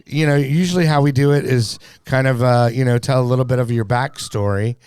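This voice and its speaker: A man's voice: mid-range voice, steady tone, brisk, a little mellow, clear, resonant tone, dry recording. A man hosting a casual podcast chat, rambling and laughing easily with lots of fillers. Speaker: podcast host. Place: studio.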